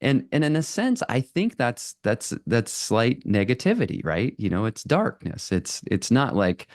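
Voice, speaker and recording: A man giving a live talk to an audience, animated and conversational, with lots of fillers and quick laughs. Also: mid-range voice, dry recording, clean studio sound.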